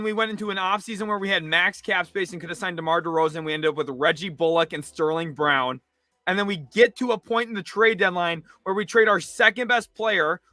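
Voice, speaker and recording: A young man hosting a sports livestream, reacting in an exasperated rant that swings between loud outbursts and low mutters. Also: dry recording. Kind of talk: live reaction commentary.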